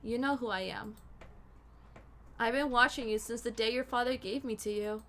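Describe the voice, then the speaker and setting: A woman voicing a scheming female witch in a game, speaking low and hushed with a smooth, mocking manner. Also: moderate pace, natural voice. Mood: taunting.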